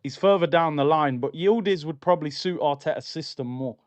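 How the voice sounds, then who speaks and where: A man's voice: on the high side, a little fast, dry recording, lo-fi sound. A man hosting a live football watchalong stream, chatty and opinionated, reading out viewer comments and giving his takes. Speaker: livestream host.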